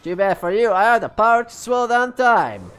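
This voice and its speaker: A woman's voice: fairly low pitch, big pitch swings, unhurried. A woman voicing a tiny, brash male fairy sidekick with a boastful, breezy way of talking. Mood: cocky.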